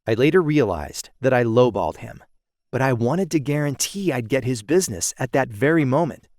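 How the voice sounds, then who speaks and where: A man narrating his own first-person audiobook in a steady storytelling manner, recorded on a close studio mic. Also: medium pitch, normal speed, no room sound.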